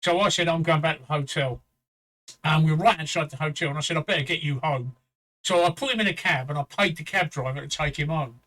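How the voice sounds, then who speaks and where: A man's voice: on the high side, quick pace, a bit bright, rough recording. A middle-aged English man hosting a casual chat, telling a rambling pub story with swearing and "right?" tags. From England. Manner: swearing, repeats "right?" as a tag; quotes others in a raised voice. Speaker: show host.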